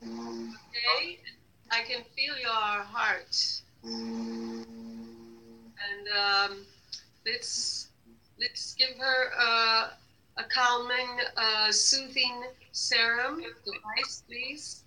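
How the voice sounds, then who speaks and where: A woman leading a guided energy healing session, giving slow repeated commands to an unseen device with many hesitations. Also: a little high, lively intonation, pushed and bright, slight background noise, low-quality recording.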